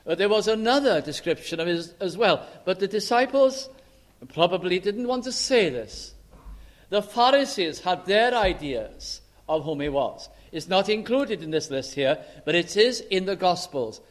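A man preaching a sermon in an emphatic way, slowing down to stress scripture quotes and key words. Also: sits high, animated.

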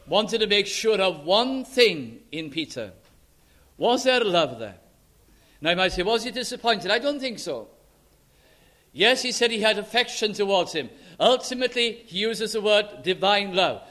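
A man's voice: high-pitched, fairly bright tone. A man preaching an earnest sermon, quoting scripture in old-fashioned English and building to emphatic passages.

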